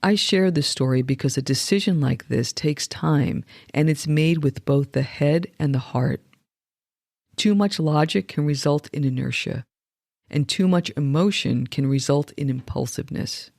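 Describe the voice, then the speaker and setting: A man in his fifties, a wellness coach reading a reflective essay aloud in a calm, measured way. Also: a little high, creaky, no room sound, studio quality.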